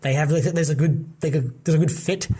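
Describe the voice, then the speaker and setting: Here a young podcast co-host rambles through casual chat, full of fillers and false starts. He speaks briskly in a fairly high, steady voice that sounds warm with a breathy edge.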